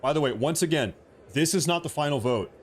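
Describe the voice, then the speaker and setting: A man's voice: a little high, expressive, fairly quick, slight background noise. Rambling joking man hosting a livestream. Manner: rambling, joking, repeats himself. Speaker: political livestream host. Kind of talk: casual live commentary.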